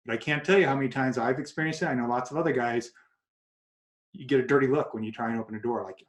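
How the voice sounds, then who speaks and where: A man giving advice as a guest in an interview, animated and acting out quoted voices as he tells stories. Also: mid-range voice, fast. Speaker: guest coach. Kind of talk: casual interview talk. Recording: echoey room.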